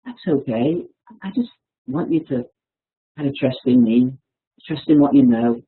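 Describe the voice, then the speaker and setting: A calm, kindly male God speaking down from above, as a man puts him on, gentle and reassuring. His voice is husky, and it comes through a thin, phone-like line. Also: mid-range voice, a little slow. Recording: tinny phone-like webinar line.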